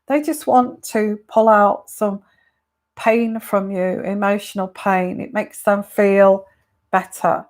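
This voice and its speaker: Woman from the UK, tarot reader, casual advice talk to viewers, unhurried and halting, mid pitch. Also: fairly even intonation. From United Kingdom. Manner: slow, hesitant, with many fillers and restarts.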